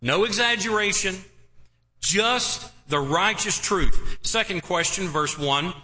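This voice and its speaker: A pastor delivering a sermon in a church, his voice bright and ringing with a long hall reverb behind it. He preaches at a slow, deliberate pace, stretching key words and tossing rhetorical questions to the congregation. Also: high-pitched, animated. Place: church sanctuary.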